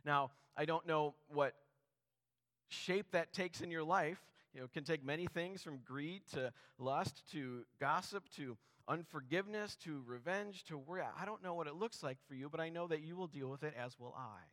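A man's voice: on the high side, moderate pace, a bit bright. A man preaching a sermon as pastor, talking earnestly and conversationally, with many rhetorical questions to the congregation.

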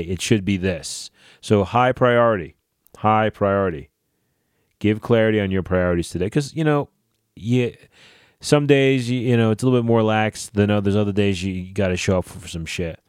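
A man hosting a casual solo podcast, swearing freely and ranting in a lively way. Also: lowish voice, moderate pace, clean tone, dry recording, studio quality. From New Jersey / New York area. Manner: profane, animated ranting. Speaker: podcast host.

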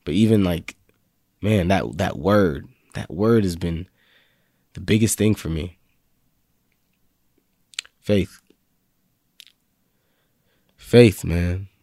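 A man's voice: low-pitched, extremely slow, vocal fry, long pauses, warm tone, dry recording, studio quality. A young man giving a casual, slangy faith talk that builds into fervent spoken confessions. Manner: laid-back slangy preaching, rising to fervent confessions. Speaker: faith vlog host.

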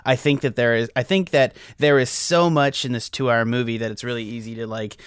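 A man's voice: medium pitch, fairly even intonation, fairly quick, smooth, no echo, studio quality. An American man co-hosting a film review podcast, talking casually and rambling with many restarts. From United States. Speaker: podcast co-host.

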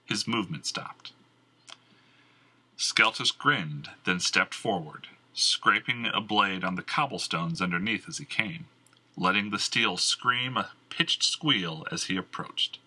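Guy reading a fantasy audiobook, slow and husky, bright tone, lots of pitch movement. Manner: measured, expressive. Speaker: audiobook narrator. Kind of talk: scripted narration.

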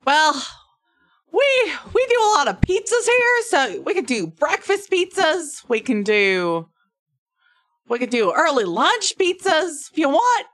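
A woman voicing a cheerful halfling innkeeper in a put-on Australian accent, loud and sing-song. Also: sits high, big pitch swings, measured pace, no room sound, clean studio sound, pitched above the performer's own voice, heavily acted. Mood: cheery.

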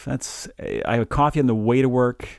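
A man's voice: mid-range voice, steady tone, fairly quick, a little mellow, no room sound, studio quality. A man co-hosting a casual anesthesia podcast, telling stories in a cheerful, upbeat way. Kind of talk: casual chat.

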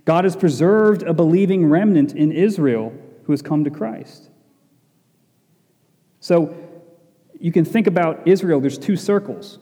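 Warm-voiced preacher in an echoey hall. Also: male voice, fairly high pitch, animated, a little slow, pauses often. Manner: emphatic, repeats key phrases, asks rhetorical "right?". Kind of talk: expository Bible sermon. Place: church hall with congregation. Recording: long echoey hall reverb.

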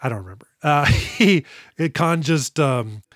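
A podcast co-host chats casually and jokes about a movie, often laughing mid-sentence. His fairly high voice is expressive, a bit bright and a little slow, recorded dry with clean studio sound.

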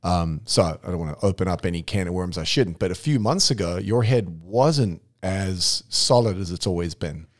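A man's voice: low voice, lively intonation, normal speed, hardly any pauses. A man hosting a casual conversation about real estate, thoughtful and meandering, often restarting his sentences. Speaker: podcast host. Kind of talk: casual interview chat.

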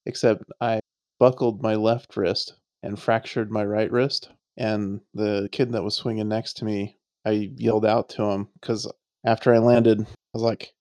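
A man's voice: on the low side, darkish tone, dry recording. A man telling stories in casual chat, swearing, laughing and acting out the voices of people he quotes.

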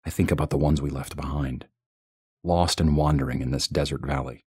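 A man with an extremely low, husky voice reads a first-person horror story in a tense, measured way. The recording is dry and close, with no room sound. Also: fairly even intonation, a little mellow, dry recording. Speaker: narrator.

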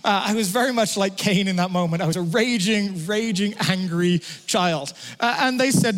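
A man preaching a sermon, telling stories in an animated way and often restarting his words. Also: sits high, moderate pace. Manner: animated storytelling with stammered restarts. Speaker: pastor. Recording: long hall reverb.

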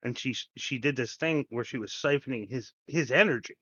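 A man's voice: mid-range voice, a little fast, pushed and bright, breathy edge, no room sound, lo-fi sound. A man co-hosting a podcast in casual chat, recapping plainly and laughing easily. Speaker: podcast co-host.

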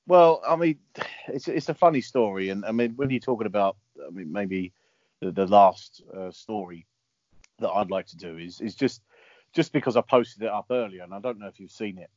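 Teasing lower-voiced man. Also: normal speed, darkish tone, dry recording. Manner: teasing, hesitant, many fillers. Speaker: podcast co-host. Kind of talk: casual chat. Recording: dry, dull lo-fi sound.

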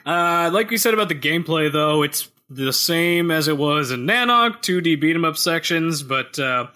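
A man's voice: a little high, expressive, moderate pace, bright, forceful tone. A man co-hosting a casual game review podcast, joking and laughing often, talking into a headset mic. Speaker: podcast co-host.

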